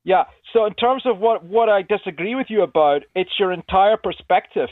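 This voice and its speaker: A man's voice: high-pitched, normal speed, no echo. A man from Scotland calling into a radio show, speaking politely and earnestly as he lays out his disagreement. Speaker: caller. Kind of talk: radio call-in. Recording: tinny phone line.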